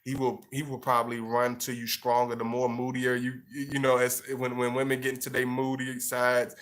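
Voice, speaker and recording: Rambling man giving flat, steady advice. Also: medium pitch, normal speed. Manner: rambling, filler-heavy, repeats himself. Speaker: relationship and astrology advice vlogger. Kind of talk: casual advice monologue.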